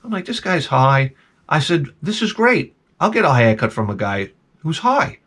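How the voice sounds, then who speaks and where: Animated older man telling comic stories. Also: fairly high pitch, moderate pace. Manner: animated, profane, acts out his own reactions. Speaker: vlog host. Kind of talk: comic storytelling monologue.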